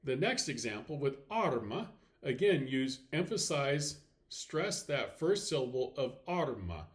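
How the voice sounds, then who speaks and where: A man teaching a recorded slide lesson, explaining step by step, checking in with "okay" and saying example words slowly and deliberately. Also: medium pitch, expressive. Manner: clear step-by-step explaining with frequent okays. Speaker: Latin teacher.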